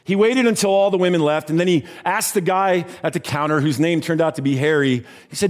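A man's voice: on the high side, fairly quick. Conversational male preacher telling a story. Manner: conversational, quietens for tender moments. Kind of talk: sermon storytelling.

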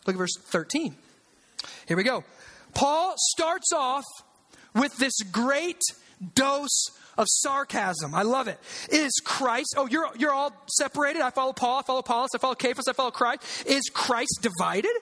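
A man's voice: very high-pitched, fairly bright tone. A man preaching a sermon as pastor, conversational and emphatic, repeating lines for weight. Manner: conversational, emphatic, uses sarcasm and repetition. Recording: long hall reverb.

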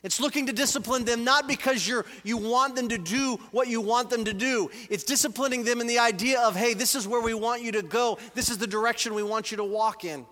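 A pastor in his forties preaches in a church sanctuary, reading and explaining scripture in an earnest, conversational way. His very high, sharp voice moves fairly quickly with hardly any pauses, and the church hall is reverberant.

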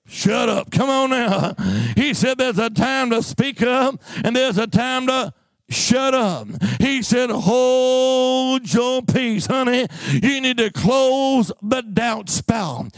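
A man preaching a sermon with slow, emphatic delivery and call-and-response to the congregation, now and then breaking into snatches of song. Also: very high voice, dry recording.

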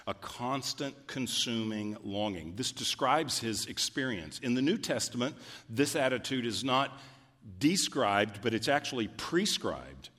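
Slow, deliberate male preacher in a hall. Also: medium pitch, lively intonation, fairly bright tone. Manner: deliberate, building to fervent emphasis. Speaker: pastor. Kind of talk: sermon. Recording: reverberant hall.

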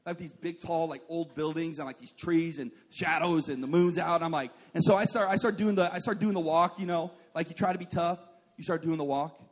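High-voiced joking male preacher. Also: a little fast. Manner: joking, storytelling with asides to the congregation; says "like" often and calls for responses. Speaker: pastor. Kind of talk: sermon.

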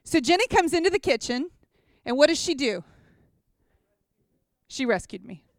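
Woman speaker, animated testimony-style teaching with props; high, crisp voice, dry close sound. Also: moderate pace, no room sound. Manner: chatty, animated storytelling with props; checks in with listeners often. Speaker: speaker at a church gathering.

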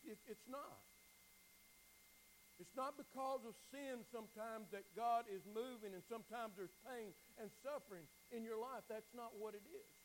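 A man preaching a sermon, swinging from near-shouted pleading down to hushed, quiet passages, often repeating words as he builds. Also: very high-pitched, a little slow, slight background noise, low-quality recording. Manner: repeats words and restarts lines.

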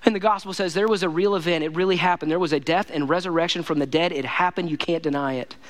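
A man's voice: a little high, steady tone, fast. A male pastor giving a casual, conversational sermon, emphatic and repetitive, often saying "man" and "listen to me.".

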